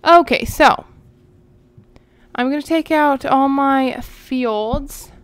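A woman's voice: high voice, slow pace, no echo. Chatty woman narrating gameplay. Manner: chatty, rambling, talks to viewers as she plays. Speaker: gaming channel host. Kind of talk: casual gameplay commentary.

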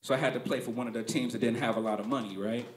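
A man's voice: medium pitch, fairly even intonation, rapid-fire, reverberant. A male stand-up comedian telling stories in a conversational, punchy, profane way. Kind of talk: stand-up storytelling.

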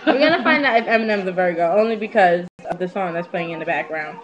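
A young woman telling a story casually to her webcam at home, brash, profane and animated as she gossips. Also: lowish voice, quick pace, dull audio. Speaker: vlogger.

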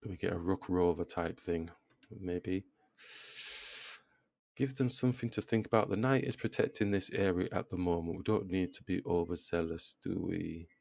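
A deep, gravelly man talks through a chess game as he plays, muttering each move to himself. His self-deprecating asides come through a close, dry microphone with no room sound. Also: steady tone, moderate pace, dry recording. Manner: thinks aloud, muttering move by move; self-deprecating, groans at his own blunders. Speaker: chess video creator. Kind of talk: casual live chess commentary.

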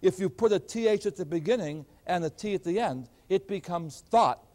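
An older man, a math professor, giving an animated lecture in a storytelling teaching manner. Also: fairly high pitch. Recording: older recording.

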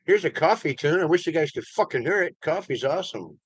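A man livestreaming from his room at home, talking loudly and with a lot of swearing as he greets his viewers by name. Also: a little high, animated, brisk, husky, no echo. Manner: loud, profane, greeting chat by name. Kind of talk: casual livestream chat with viewers.

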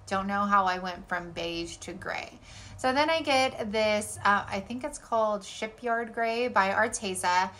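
A woman's voice: medium pitch, pushed and bright. A young woman, chattily narrating her craft projects as a channel host, with lots of filler words. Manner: chatty and enthusiastic, with many "like" fillers. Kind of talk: casual voice-over narration of craft steps.

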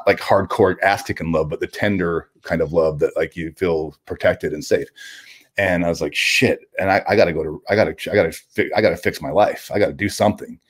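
A man with a deep, low-pitched voice speaks as a guest in an interview. He tells a personal story candidly and plainly. His speech halts and restarts often, with casual swearing mixed in. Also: husky.

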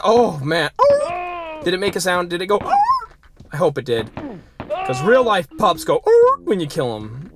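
Playing a retro shooter, this let's play host keeps things casual and silly, his unhurried mid-range voice jumping around with bursts of excited yelping. Between moments he tosses goofy sound effects and remarks at the enemies, all over quiet background game music.

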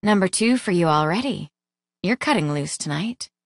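A woman's voice: on the low side, lively intonation, moderate pace, no echo, studio quality. A woman reading an audiobook, voicing a friendly, easygoing young woman in casual talk.

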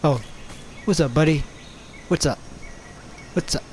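A man giving jokey, excitable commentary while playing an online game, yelping and shouting at other players. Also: a little high, unhurried, slight background noise. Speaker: gamer. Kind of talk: gameplay commentary.

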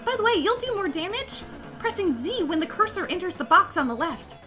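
A woman voicing a shy, gentle young male goat-like creature, reading his lines in a sweet, hesitant, encouraging way. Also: extremely high pitch, big pitch swings, fairly quick, over loud music. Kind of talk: reading game dialogue aloud.

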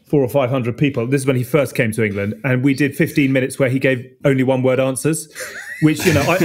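Male podcast host, quick-fire and slightly high, steering the interview with brisk questions. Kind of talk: casual interview chat.

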